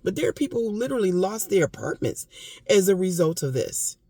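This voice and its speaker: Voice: mid-range voice, very animated, a little fast, dark tone, slightly rough, no room sound. A vlogger giving impassioned casual commentary, emphatic and repetitive, with occasional coughing. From United States.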